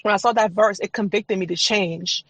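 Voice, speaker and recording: A woman's voice: medium pitch, normal speed, no echo. A woman guest on a podcast, telling her personal faith testimony in an emphatic, repetitive, testifying way.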